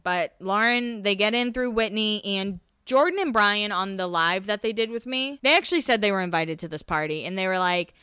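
A woman's voice: mid-range voice, lively intonation, normal speed, hardly any pauses, pushed and bright, smooth, no echo, studio quality. A woman hosting a podcast, recapping in casual chat, rambling, swearing and laughing at herself. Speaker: podcast host.

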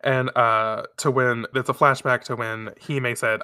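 A man co-hosting a casual chat, reading manga panels aloud and acting out the lines, with excited gasps, laughs and frequent swearing. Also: medium pitch, normal speed, few pauses, clear, resonant tone, dry recording, studio quality. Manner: animated, profane, breaks into excited gasps and laughs.

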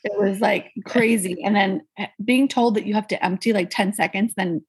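A woman's voice: medium pitch, moderate pace, slightly rough. A young woman guest candidly recounting her experiences in a casual interview, acting out what others said. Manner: candid, animated, acts out quoted voices. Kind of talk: casual conversational storytelling.

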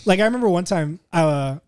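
High, lively young man telling stories. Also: moderate pace, clean tone, no echo, clean studio sound. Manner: animated, laughing, swearing storyteller. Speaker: podcast co-host. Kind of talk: casual chat, storytelling.

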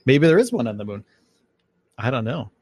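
On a home microphone with no room sound, a man hosts a live podcast, casually going on about space and his plans. His medium-pitched voice is sing-song, a little mellow and breathy at the edges, moving at normal speed. He hails from upstate New York.

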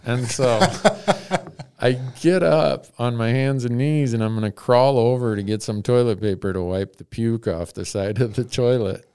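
A man's voice: mid-range voice, measured pace, mellow, clear, resonant tone, dry recording. A man hosting a podcast, telling a rambling, self-mocking story in casual chat and chuckling often.

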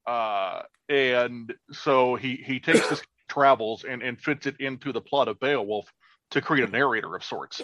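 Halting, profane man on a podcast. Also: mid-range voice, fairly bright tone, no room sound, muffled recording. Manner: enthusiastic, profane, halting with fillers. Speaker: podcast co-host. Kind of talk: casual chat.

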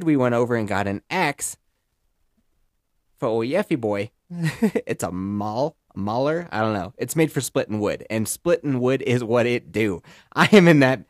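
A young man in casual podcast storytelling, rambling and jokey with lively bursts. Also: mid-range voice, no room sound, studio quality. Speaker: podcast host.

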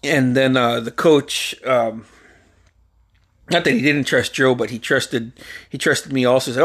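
A man's voice: mid-range voice, steady tone, a little slow, pauses often, fairly bright tone. A man in his forties hosting a podcast, telling a story in a loose, profane, rambling way and laughing along. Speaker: podcast host. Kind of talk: casual storytelling.

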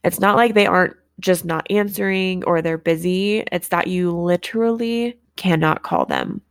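Reflective woman with a gravelly low voice. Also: no echo, studio quality. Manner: reflective, halting, plain-spoken. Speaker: podcast host telling her own story. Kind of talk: personal storytelling.

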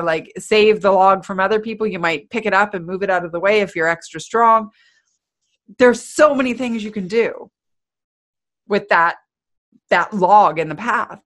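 A woman giving a motivational talk in an energetic, playful, conversational way. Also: medium pitch. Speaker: motivational speaker.

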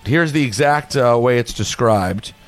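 A man's voice: mid-range voice, a little slow, soft background music. A man hosting a sports talk show, chatty and jokey, reading out news items between banter.

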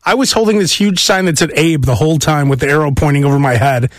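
A brash male podcast host with a high voice rants profanely in casual chat. The recording is very dry and close, with no room sound at all. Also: quick pace, no echo.

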